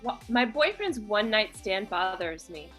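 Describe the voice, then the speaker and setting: A woman's voice: mid-range voice, very animated, unhurried, fairly bright tone, faint music behind. A woman co-hosting a comedy podcast, chatty and upbeat, reading out listener questions. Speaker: podcast co-host. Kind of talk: casual comedy chat.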